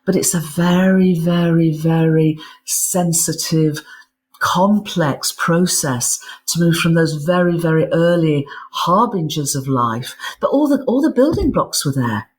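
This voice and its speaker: A woman's voice: sits low, measured pace, a little hiss or hum. A woman speaks as an interview guest, explaining science with eager enthusiasm. She often repeats words as she builds her thoughts, then carries on in long flowing explanations. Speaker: guest author and physicist. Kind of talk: interview conversation.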